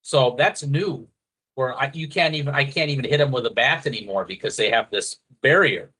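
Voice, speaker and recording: A man telling a story in casual chat, animated and profane, slipping into quoted voices. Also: mid-range voice, fairly quick, slightly rough. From a foreigner living in Thailand.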